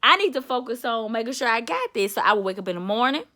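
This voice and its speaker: A woman's voice: a little high, lively intonation, quick pace, bright, forceful tone. A woman motivator telling a personal story in a candid, chatty vlog, calling the listener honey and baby. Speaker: self-described motivator.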